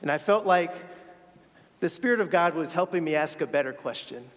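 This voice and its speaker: An earnest man tells a reflective story from the pulpit, his voice sitting a little higher than most men's. He sometimes stumbles and restarts his words. The sound carries a long hall reverb. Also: lively intonation, fairly quick. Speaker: speaker sharing a faith story. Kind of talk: sermon storytelling.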